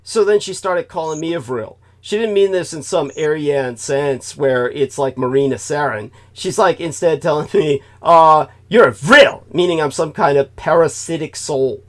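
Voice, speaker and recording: A man's voice: a little high, normal speed, hardly any pauses. A man hosting a talk show, rambling through a profane, digressive monologue and laughing at his own remarks. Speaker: host.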